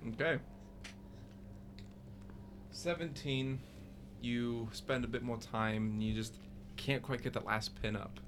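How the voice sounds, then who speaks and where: A man's voice: medium pitch, fairly even intonation, slow, pauses often, noisy background. A man narrating as game master in a casual, stumbling way. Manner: casual, stumbling over restarts.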